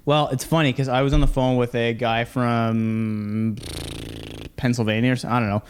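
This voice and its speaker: A man's voice: mid-range voice, flat delivery, normal speed, a little hiss or hum. A young man from Canada, co-hosting a podcast in casual, joking chat and telling everyday stories. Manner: joking, tells stories with quoted voices. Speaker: podcast co-host.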